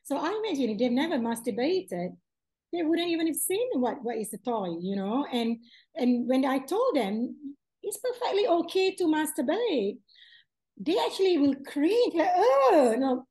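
Woman podcast host, bright high pitch, animated, eager. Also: normal speed, rough recording. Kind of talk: casual chat.

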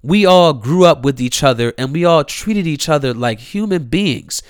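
His fairly high, animated voice moves at normal speed with a clean tone, captured in clean studio sound without echo. He's a young man from Columbia, Maryland hosting his own show, ranting casually, slangily and profanely while repeating phrases.

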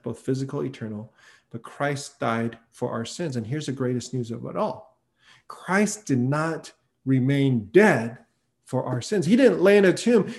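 A man's voice: medium pitch, gravelly. A man, a pastor, giving an earnest sermon that rises to emphatic peaks and tells stories with acted-out quotes.

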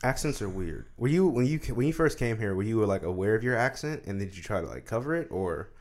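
A man's voice: fairly low pitch, expressive, fast, a little mellow. A man hosting a casual interview, playful and teasing, often laughing. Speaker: podcast host.

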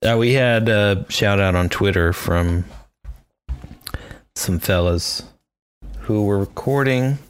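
Low-pitched male co-host; profane, joking, conversational. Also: takes it slowly, pauses often, smooth. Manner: profane, jokey banter. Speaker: podcast co-host. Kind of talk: casual chat.

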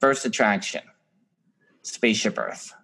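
Playful man with a lowish voice. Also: sing-song, a little slow, gravelly, pushed and bright. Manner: playful, laughing, quizzing. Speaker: podcast co-host. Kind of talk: casual chat.

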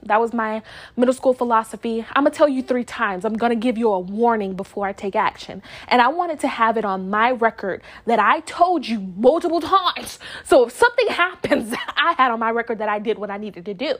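Animated young woman telling a story. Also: on the high side, a little fast. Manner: animated, acts out quotes, laughs often. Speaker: vlogger. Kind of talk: casual storytelling.

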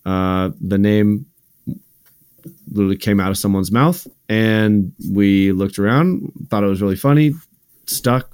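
A man co-hosting a podcast, talking in a relaxed, hesitant way that trails off. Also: fairly low pitch, measured pace, clear, resonant tone, no echo, studio quality. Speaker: podcast co-host, music producer. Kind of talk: casual chat.

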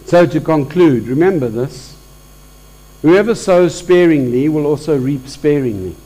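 A man's voice: a little high, animated, a little slow, warm tone, rough recording. A man preaching a conversational sermon at a church service, talking informally with restarts and building to emphatic peaks.

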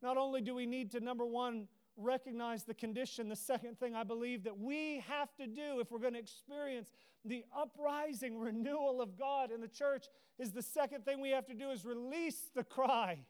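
A man's voice: very high-pitched, moderate pace, darkish tone, smooth. A man preaching an impassioned, earnest sermon, his voice rising into emotional cries, at times teary. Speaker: pastor.

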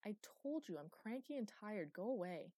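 A woman voicing a sarcastic, sulky young male pilot in an audiobook, pitched up and whiny. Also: sing-song, moderate pace, dark tone, dry recording.

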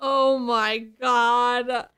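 A woman with a smooth, clear voice that sits a little high. She chimes in with quick reactions and short comments during a casual conversation. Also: level tone, a bit bright. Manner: reacts with short interjections and laughs. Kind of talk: casual chat.

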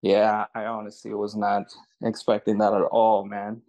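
A man's voice: fairly low pitch, completely flat delivery, normal speed, mellow, poor audio. A man in casual talk, telling a story at an easy pace, often restarting his sentences. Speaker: land investor.

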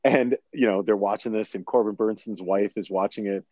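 A man's voice: fairly low pitch, fairly even intonation, a little fast, darkish tone, no room sound, highs cut off. A man in a casual podcast chat, animatedly retelling a movie, acting out quotes and laughing often.

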